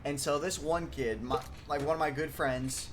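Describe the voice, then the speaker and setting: A man's voice: fairly high pitch, steady tone, moderate pace, fairly bright tone, a little hiss or hum. Young man rambling through stories on stream. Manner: rambling, filler-heavy, uses "like" constantly. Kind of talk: casual live-stream storytelling.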